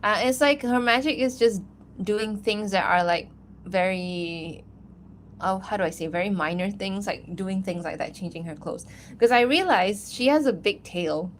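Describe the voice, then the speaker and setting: A woman's voice: mid-range voice, normal speed, slight background noise. Giggly woman rambling on a livestream. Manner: giggly, rambling, lots of fillers. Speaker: animator streaming while answering chat. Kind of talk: casual livestream chat.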